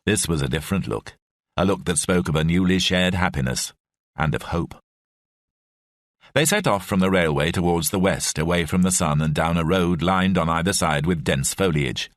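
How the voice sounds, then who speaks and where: A man reading an audiobook in measured, expressive scripted narration. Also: deep voice, no echo, studio quality.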